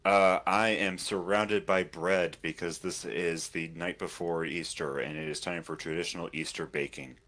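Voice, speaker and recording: A man co-hosting a game live stream, chatting in a dry, wry, deliberate way. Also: sits low, fairly even intonation, a bit bright. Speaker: stream co-host. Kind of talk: casual chat.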